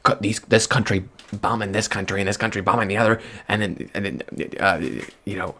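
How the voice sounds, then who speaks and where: A man rambling in soft-spoken ASMR chat at a close microphone, drifting from hushed murmurs to excited outbursts. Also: lowish voice, brisk. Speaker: vlogger.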